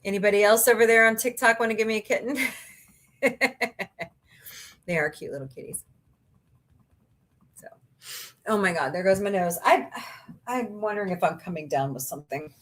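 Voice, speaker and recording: Woman streamer chatting w her viewers, bright voice, jumps up and down a lot, sarcastic jokes. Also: medium pitch, lively intonation, moderate pace, long pauses. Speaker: livestream host. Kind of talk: casual livestream chat reading viewer comments.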